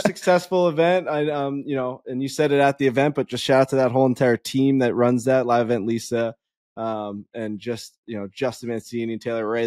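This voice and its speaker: Laughing, animated male podcast host. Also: medium pitch, no echo, clean studio sound. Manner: animated storytelling, laughs often. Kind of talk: casual chat.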